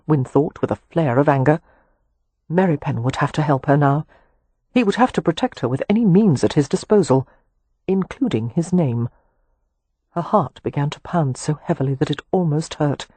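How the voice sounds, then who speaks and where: A woman with a husky voice giving a measured, expressive audiobook narration of a historical romance. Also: deep voice, no echo. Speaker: audiobook reader.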